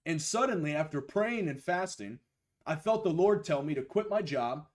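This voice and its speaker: A young man with a fairly high voice preaches a sermon over a live stream. His voice is a little hoarse after a week of preaching. He talks with conviction, slowing down to lean on the key phrases. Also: lively intonation. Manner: emphatic, slows and stresses key phrases, greets viewers by name. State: losing his voice.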